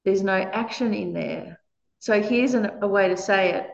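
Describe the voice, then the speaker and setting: A woman leading a workshop for a small group, lively and laughing often as she acts out quoted lines. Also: mid-range voice, a little slow, creaky. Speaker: workshop leader. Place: meditation centre room. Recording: echoey room, dull lo-fi sound.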